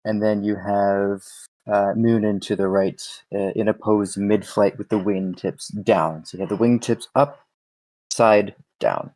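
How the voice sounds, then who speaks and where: Man, game master, mellow low voice, rambling, dry close sound. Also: steady tone, unhurried, no room sound, poor audio. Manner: rambling, filler-heavy. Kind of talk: describing a tabletop game scene.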